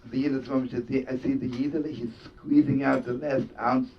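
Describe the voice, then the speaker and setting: A man's voice: little pitch movement, fairly quick. A man telling a story as a sermon, full of Yiddish words and laughter. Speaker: rabbi and storyteller. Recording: distant dull lo-fi recording with faint rumble.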